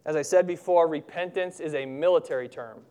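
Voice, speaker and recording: A man preaching a sermon, earnest and emphatic, slowing down to stress key words. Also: on the high side, dark tone, clean tone.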